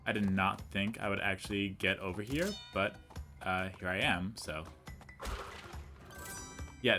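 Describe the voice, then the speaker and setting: Chatty and self-mocking, a young man offers casual let's play commentary, wandering through a story and speaking to the game as he goes. His voice sits on the low side with a bit of brightness.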